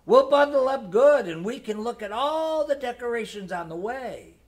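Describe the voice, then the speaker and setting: A man's voice: extremely high pitch, expressive, normal speed, voice pushed up. Eager pleading child, read by a man.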